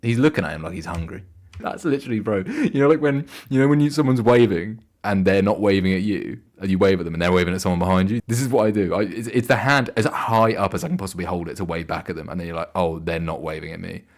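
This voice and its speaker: A man's voice: lowish voice, animated, fast talker. Crude joking streamer guy. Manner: crude, joking, rambling banter. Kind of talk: casual gaming stream commentary.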